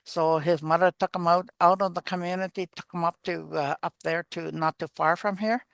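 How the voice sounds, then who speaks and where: Gentle older woman telling stories. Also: lowish voice, steady tone, no echo. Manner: gentle, unhurried, repeats phrases. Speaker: elder and storyteller. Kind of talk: spoken teaching and storytelling.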